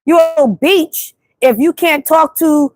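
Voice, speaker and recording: A woman's voice: high voice, takes it slowly, no room sound. A woman with a New York accent hosting a casual livestream monologue, talking bluntly and repeating herself as she tells stories. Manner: animated, blunt, repetitive storytelling. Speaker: livestream host. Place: city street at night.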